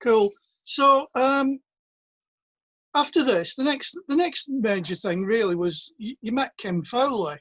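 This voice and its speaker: A woman's voice: on the high side, takes it slowly, fairly bright tone, lo-fi sound. A woman interviewer prompting her guest with short questions. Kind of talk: casual interview.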